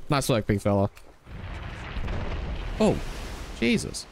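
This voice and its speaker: A man giving loud, joking live commentary as he plays a game, swearing and teasing his chat. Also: high voice, very slow, pauses often, slight background noise. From Australia. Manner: excitable, swears freely, teasing banter with chat. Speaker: streamer.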